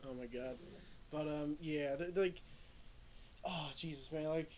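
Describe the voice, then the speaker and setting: A young man chats loosely on a stream, his voice sitting a bit high for a man. He rambles through stories, swears freely and breaks into laughter. A faint hiss runs under the recording. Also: normal speed, darkish tone. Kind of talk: casual chat. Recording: faint background noise.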